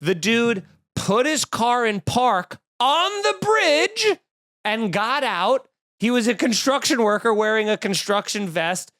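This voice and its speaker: A male comedian hosts his podcast, spinning a profane, snarky rant about a bad encounter. His voice is high and smooth, close to the mic in a dry room. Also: big pitch swings, slow, a bit bright, no room sound. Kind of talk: casual comedic storytelling.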